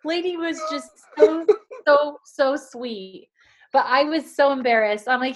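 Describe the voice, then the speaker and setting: A woman, a guest on a talk show, telling a story in a casual, animated way and laughing often. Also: high voice, takes it slowly, pauses often.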